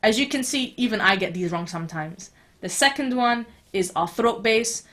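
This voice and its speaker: A woman's voice: medium pitch, normal speed, sharp tone. A woman teaching beatboxing in an online video lesson, talking casually with fillers in a reassuring, encouraging way.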